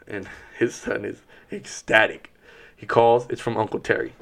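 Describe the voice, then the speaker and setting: A man chatting casually, telling a story with lively acted-out quotes. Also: lowish voice, moderate pace, vocal fry. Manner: animated storyteller who acts out quotes. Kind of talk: casual chat.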